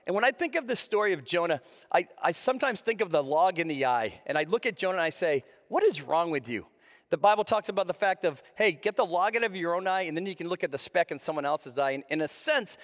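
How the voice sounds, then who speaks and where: High-voiced male preacher in echoey hall. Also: fairly bright tone. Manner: conversational, with frequent restarts and asides. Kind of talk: sermon with scripture reading.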